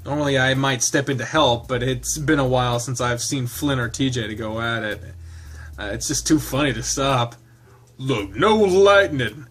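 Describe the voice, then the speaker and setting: A man's voice: mid-range voice, steady tone, moderate pace, a bit bright. A man playing and reading a visual novel aloud, chatty and rambling, breaking off into stories and laughs. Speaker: let's player.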